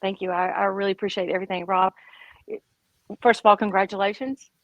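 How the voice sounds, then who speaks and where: A woman's voice: mid-range voice, quick pace, no room sound, muffled recording. A woman with a Southern US accent, chatting effusively and gratefully as a guest on a video call. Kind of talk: casual chat.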